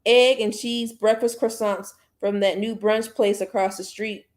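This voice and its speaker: A woman's voice: mid-range voice, fairly even intonation, a little slow, a little mellow, pitched above the performer's own voice, close to an everyday voice. A woman reading as a cheerful little sister. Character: cheerful younger sister, eager to please.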